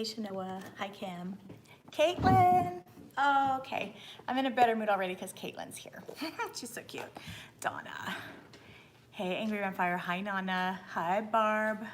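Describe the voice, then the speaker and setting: Woman livestreaming, earnest and frustrated, noisy. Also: medium pitch. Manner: greets viewers by name, earnest and frustrated. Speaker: beauty YouTuber livestream host. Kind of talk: casual livestream chat.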